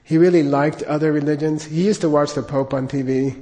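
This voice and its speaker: A Buddhist teacher talks in a loose, joking way, leading chants and telling stories with a fairly high voice. His words ring with a long reverb from a large hall. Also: steady tone, fairly quick, warm tone. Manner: chatty, joking, leads chanting. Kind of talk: dharma talk with storytelling.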